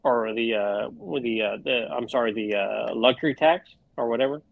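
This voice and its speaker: A man's voice: mid-range voice, normal speed, vocal fry, no room sound, narrow, tinny audio. A man co-hosting a casual sports podcast, ranting with lots of swearing. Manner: profane, fired-up rants. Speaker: podcast co-host.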